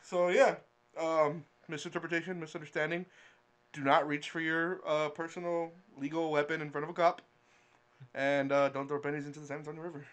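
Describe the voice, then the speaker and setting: Brief: slightly high male voice, relaxed podcast co-host, swears and laughs easily. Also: fairly quick. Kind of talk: casual storytelling among friends.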